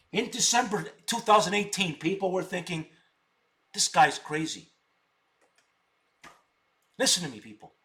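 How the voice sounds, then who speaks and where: A man's voice: sits high, a bit bright. A middle-aged man hosting a live stock-trading stream, boasting and combative, repeating words for emphasis.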